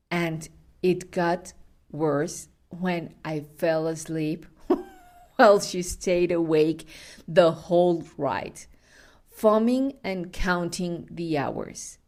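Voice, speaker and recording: A woman hosting a food podcast, telling stories in a chatty, unhurried way, sometimes laughing and correcting herself. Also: on the low side, a little mellow. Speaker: podcast host. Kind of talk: casual food podcast with storytelling.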